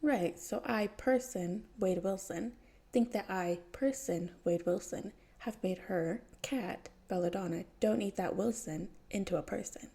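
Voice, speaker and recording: A woman's voice: medium pitch, unhurried, gravelly, dark tone, husky. A woman voicing a manic, cheerful male mercenary antihero who rambles gleefully. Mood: rambling explaining. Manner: giddy, rambling, gleefully unhinged.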